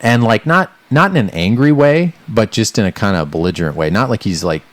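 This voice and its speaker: A man's voice: on the low side, expressive, fairly quick, no room sound. Rambling middle-aged man telling a story. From American Midwest. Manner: rambling anecdote with acted-out quotes and many fillers. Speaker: podcast co-host. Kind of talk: casual storytelling chat.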